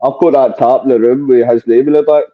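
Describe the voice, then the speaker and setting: A man's voice: medium pitch, fairly even intonation, fast, a crowd in the background. Scottish man on a tinny call line. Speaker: podcast co-host. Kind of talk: casual podcast chat. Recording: tinny phone-like call audio.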